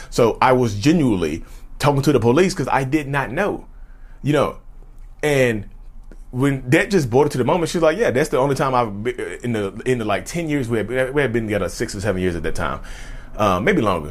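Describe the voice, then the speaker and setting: A man telling viewers a personal story in a casual, animated way, acting out the dialogue and often saying "y'all". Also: lowish voice. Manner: animated retelling, acts out dialogue, says "y'all". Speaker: vlogger sharing personal story.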